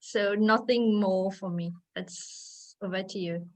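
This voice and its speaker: A woman giving a brief timer's report at an online club meeting in a relaxed, light way. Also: medium pitch, slow. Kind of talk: casual report. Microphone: video call.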